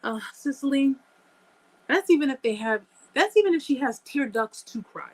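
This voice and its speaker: A woman's voice: sits high, expressive, moderate pace, poor audio. A woman hosting a live chat, talking emphatically to her viewers, repeating phrases and calling them guys. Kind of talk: casual live-stream chat.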